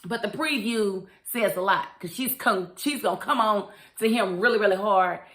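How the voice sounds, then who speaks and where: Brief: young adult woman, casual opinionated TV recap, mid pitch. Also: moderate pace, fairly bright tone. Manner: opinionated, talks straight to the characters. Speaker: TV show reviewer. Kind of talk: casual chat.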